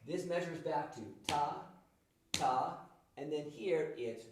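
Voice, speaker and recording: A man's voice: a little high, unhurried, very noisy. A man leading a music workshop, demonstrating rhythms by chanting and counting aloud for a group. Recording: echoey room, from a distance.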